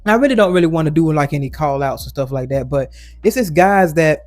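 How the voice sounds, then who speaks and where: A man delivers a casual opinion monologue in a slightly high voice, rambling and restarting sentences as he goes. The sound is close and dry, with faint music underneath. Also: lively intonation, a little fast, darkish tone, no room sound. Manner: rambling, frequent restarts and quoted impressions. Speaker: commentary channel host.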